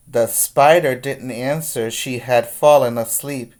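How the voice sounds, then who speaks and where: A man reads a picture book aloud to preschoolers at an unhurried, deliberate pace. He is a patient teacher who pauses to point out the pictures and quiz the little ones. His voice sits in an ordinary middle pitch. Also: fairly even intonation. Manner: slow, patient, pointing out pictures and asking children questions. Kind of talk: reading a picture book aloud to young children.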